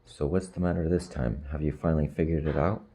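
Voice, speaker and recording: A man's voice: a bass voice, steady tone, a little fast, mellow, breathy edge, exaggerated voice. A man voicing Pity, a gray spirit who talks bluntly to a crying child in a storybook reading. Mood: sighing, blunt.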